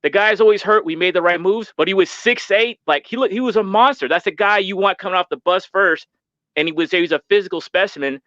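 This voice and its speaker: A man calling in to a sports show, excited and stammering as he talks about his team. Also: high voice, fast, no room sound. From San Francisco Bay Area. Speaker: caller. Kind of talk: casual sports talk. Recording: dull lo-fi call line.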